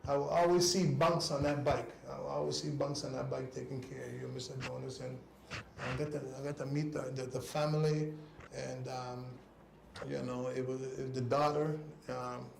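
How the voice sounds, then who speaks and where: A man speaking as a guest on a cycling talk show, giving an earnest, halting spoken tribute that often trails off softly. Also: medium pitch, little pitch movement, gravelly, roomy sound, a little hiss or hum.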